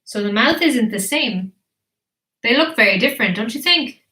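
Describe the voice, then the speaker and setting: A woman teacher reading a picture book live to children, animated and encouraging, asking questions as she goes. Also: fairly high pitch, normal speed, reverberant. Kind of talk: live storytelling for kids.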